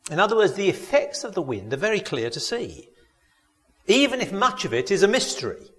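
A man delivering a sermon in a lively, rising and falling voice, pitched a little high for a man. He preaches earnestly and puts questions straight to his listeners. His voice rings with the long reverb of a church hall. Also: a little fast. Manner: earnest, asks the congregation direct questions.

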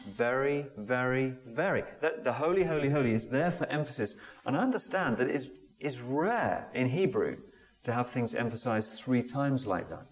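A man giving a conversational sermon, often pausing with fillers and restarting sentences. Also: mid-range voice, sing-song. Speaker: preacher. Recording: long hall reverb.

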